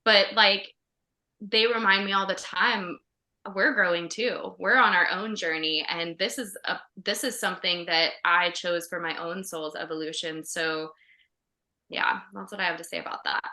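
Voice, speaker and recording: A woman's voice: lowish voice, fairly even intonation, normal speed, pushed and bright, reverberant. A woman co-hosting a podcast, chatting in a heartfelt way with lots of fillers over a video call. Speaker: podcast co-host. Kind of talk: casual podcast chat.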